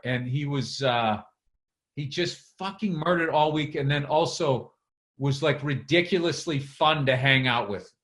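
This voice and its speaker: A man co-hosting a podcast, chatting casually about a fellow comic in a relaxed, profane way. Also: fairly high pitch. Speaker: podcast co-host, comedian. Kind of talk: casual chat. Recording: roomy echo.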